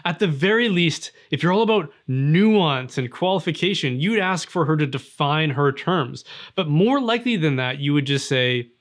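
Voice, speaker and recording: A man's voice: fairly high pitch, animated, moderate pace, few pauses. A man delivering an earnest, argumentative opinion monologue on religion, now and then acting out little scenes. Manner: earnest, argumentative, with acted asides. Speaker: religious commentator.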